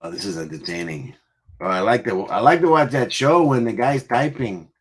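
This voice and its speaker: Hosting a music livestream, this Connecticut man teases, rambles and laughs often in casual chat. He speaks at a medium pitch and moderate pace, with a breathy edge.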